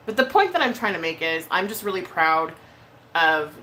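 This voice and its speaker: A woman vlogger chatting casually on a live stream, blunt and heated, swearing often and pausing on fillers. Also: fairly low pitch, background noise. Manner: emotional, hesitant with many fillers.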